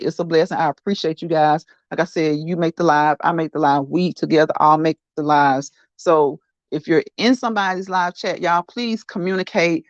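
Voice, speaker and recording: On a dull, dry lo-fi recording with no room sound, a woman with a voice on the low side hosts a casual livestream. She chats with viewers, laughing often and going back over the same points.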